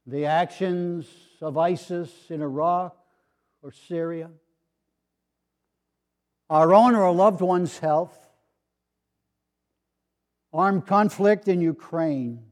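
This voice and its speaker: A retired older pastor delivers his sermon in a high, mellow voice. He tells stories with gentle humor and puts on voices for the people he quotes. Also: slow, long pauses.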